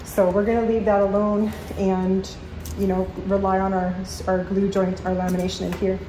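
A woman's voice: mid-range voice, level tone, moderate pace. A woman repairing furniture in her workshop, thinking aloud in a practical way as she works and a little out of breath. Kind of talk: casual workshop commentary. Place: woodworking shop. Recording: echoey shop with loud background noise.

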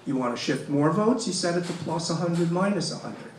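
A man's voice: on the high side, animated, brisk, slight background noise. A man from Massachusetts speaking as a panelist, making his case with rhetorical questions and repeated phrases. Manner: emphatic, rhetorical questions and repetition. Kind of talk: impassioned panel talk. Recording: echoey room, mic from far off.

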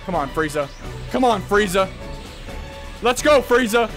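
A young man commentating his gameplay live with a high, wildly swinging voice. He is excitable and trash-talks with plenty of swearing. Clear game music plays under him. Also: measured pace. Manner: excitable, profane trash talk. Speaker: gaming streamer.

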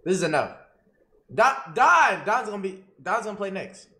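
A man hosting a casual livestream, animated and repeating himself as he urges his chat on. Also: high-pitched, moderate pace, echoey room. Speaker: livestream host. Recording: noisy stream audio.

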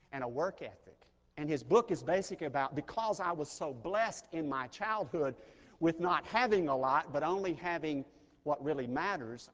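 A middle-aged pastor from Mississippi, preaching an earnest, personal sermon that swells in intensity. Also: male voice, a little high, muffled recording. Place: large chapel. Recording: chapel recording with long reverb.

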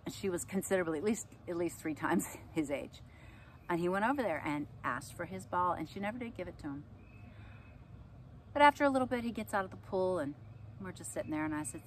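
Middle-aged lady telling stories to camera, kinda low voice, animated, bit of background hum. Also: brisk. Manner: animated, acts out quotes with laughs. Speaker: astrology and yoga teacher. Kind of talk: casual storytelling to camera.

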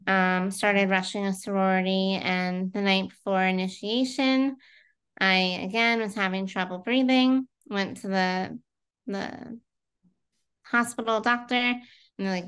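A woman in her thirties speaks as an interview guest, her voice smooth and resonant at an ordinary middle pitch. She tells her own story in a chatty, flowing way with plenty of fillers. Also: a bit bright. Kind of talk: casual conversational interview.

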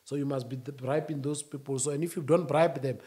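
A man speaking as a union-leader guest, emphatic, rising to shouts and then dropping low. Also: steady tone, fairly quick. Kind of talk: animated interview talk.

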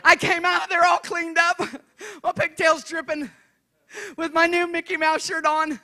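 A woman evangelist preaching a sermon as a dramatic story, swinging from hushed telling to emphatic shouting. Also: very high voice, flat delivery, moderate pace.

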